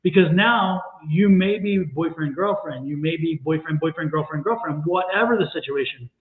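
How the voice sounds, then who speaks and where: A man co-hosting a livestream tarot reading, deliberate and emphatic with a wry edge. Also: a little high. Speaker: tarot reader and co-host. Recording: tinny phone-like sound in an echoey room.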